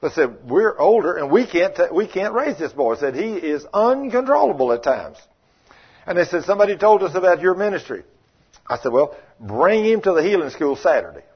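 A man preaches with a husky, somewhat high voice, telling homespun stories and voicing the people in them. He swings between thundering rebukes and quiet, confiding asides. The sermon comes through a dull, muffled lo-fi recording. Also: big pitch swings, moderate pace. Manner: folksy, acts out quoted voices, shifts between loud rebukes and quiet asides. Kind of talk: sermon with storytelling.

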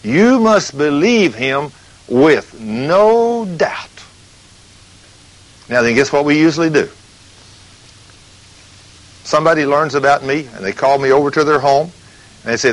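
A man's voice: on the high side, lively intonation, a little slow, long pauses, poor audio. A man preaching a sermon. He asks rhetorical questions and acts out the scenes and voices he quotes. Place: studio recording between breaks.

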